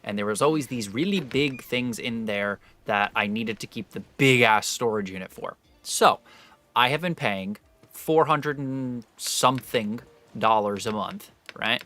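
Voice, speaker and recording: A young adult man streaming live, telling a rambling story to his chat with animated, loose energy and casual swearing. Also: medium pitch, a little slow.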